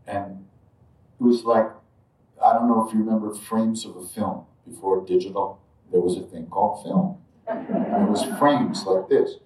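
A man with a low voice tells a personal spiritual story. He sinks to soft murmurs and then suddenly jumps up in pitch and volume as he acts out moments. The sound is roomy and the mic sits at a distance. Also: moderate pace, a little hiss or hum. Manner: reflective, drifts quiet then jumps loud when acting out moments. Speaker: spiritual teacher telling a story.

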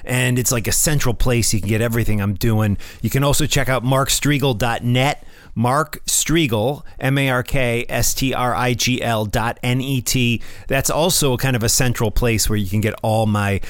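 Casual American podcast host, dry sound. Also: male voice, medium pitch, no room sound. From United States. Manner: rambling, casual, repeats words and restarts. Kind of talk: casual solo podcast chat. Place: home room. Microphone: phone.

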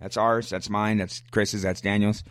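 Fired-up and argumentative, this podcast host runs a solo sports show where he bluntly pushes back on listener questions, says things more than once and coughs occasionally. He speaks unhurriedly in a fairly low voice with little pitch movement, and there's no echo.

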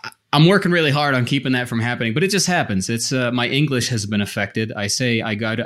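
A man's voice: fairly low pitch, a bit bright. A man co-hosting a podcast in casual chat, rambling and poking fun at himself. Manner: self-deprecating, rambling with restarts. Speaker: podcast co-host.

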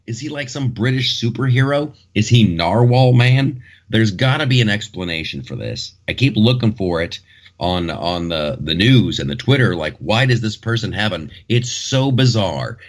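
A man's voice: mid-range voice, very animated, a little slow. A man hosting a podcast in casual chat, rambling and joking as he talks through the news. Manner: rambling, joking, many restarts. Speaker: podcast host.

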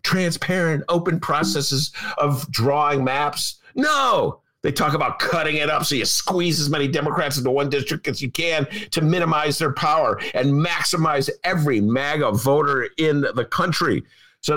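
An older man from Chicago hosting a casual political talk show, rambling, laughing often and breaking into loud outbursts. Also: on the high side, moderate pace. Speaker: podcast host.

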